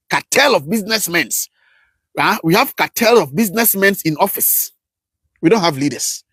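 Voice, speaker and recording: This man runs a live political commentary stream, and his husky voice swings between shouting and muttering as he rants fervently through one rhetorical question after another. The audio carries no echo.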